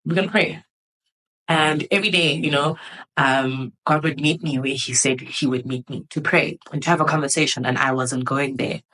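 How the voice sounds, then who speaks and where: A woman's voice: extremely low pitch, steady tone, normal speed, bright, forceful tone, low-quality recording. A woman in her twenties hosting a podcast, talking candidly and reflectively in a conversational way, with plenty of fillers. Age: 20s. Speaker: podcast host.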